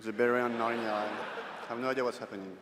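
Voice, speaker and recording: A man's voice: mid-range voice, little pitch movement, rapid-fire, background noise. A man on a big stage giving a grateful acceptance speech for a game studio, mixing thanks with light jokes. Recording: broadcast sound from a large hall.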